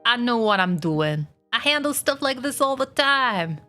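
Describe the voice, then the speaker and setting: A woman's voice: a little high, big pitch swings, measured pace, sharp tone, soft background music, pitched above the performer's own voice, heavily acted. A woman voicing a scheming male rat with a put-on Boston accent, snarling and boastful.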